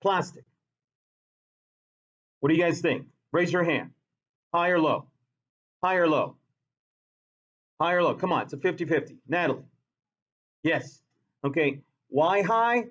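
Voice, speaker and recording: A man's voice: fairly high pitch, highs cut off. A man teaching a science class who repeats key points and quizzes his students. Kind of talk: classroom lecture.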